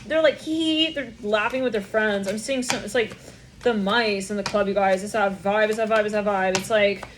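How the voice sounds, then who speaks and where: A woman's voice: medium pitch, steady tone, normal speed, slight background noise. A young woman giving a channeled tarot reading, rambling in a stream of consciousness, swearing and laughing often. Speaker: tarot reader.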